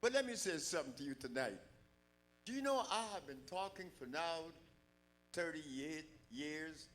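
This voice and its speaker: A man's voice: on the high side, animated, normal speed, a bit bright. An older man giving an emphatic public lecture to a large live audience, full of rhetorical questions.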